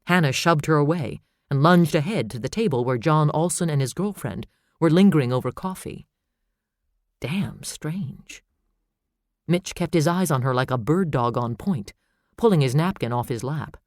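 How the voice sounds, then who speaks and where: Man, audiobook narrator, measured storytelling, dry close recording. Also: on the high side, expressive, no echo. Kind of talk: scripted narration.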